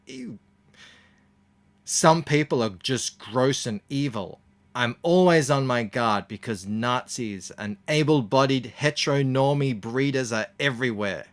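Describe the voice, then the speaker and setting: A self-righteous young activist woman, preachy and breezy, with an Australian accent, as a man reads her out loud. She is read in a comic way rather than acted, in a voice at an everyday middle pitch. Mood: indignant. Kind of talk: comic reading of a short piece.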